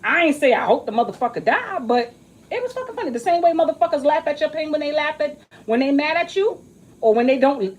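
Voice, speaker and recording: Animated, profane woman in a rambling vlog. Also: high-pitched, fast, poor audio. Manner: profane, emphatic, rambling and joking. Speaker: astrology reading creator. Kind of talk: casual monologue vlog.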